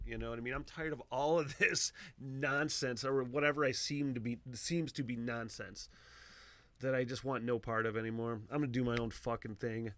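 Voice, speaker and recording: A man hosting a casual solo podcast, talking in a rambling, profane way that swings from loud excitement to low mutters into a close microphone. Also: normal speed. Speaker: podcast host.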